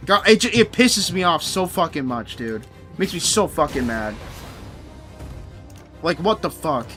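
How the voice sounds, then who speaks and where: A man's voice: fairly high pitch, very animated, a little slow, long pauses, a bit bright, faint music behind. A young man streaming a game, ranting angrily and sarcastically with lots of swearing. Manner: angry profane ranting, sarcastic. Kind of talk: live game stream rant.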